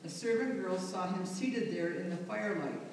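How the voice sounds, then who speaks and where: A person reading a scripture passage aloud in a steady, measured way. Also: mid-range voice, a little hiss or hum. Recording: echoey hall, far from the mic.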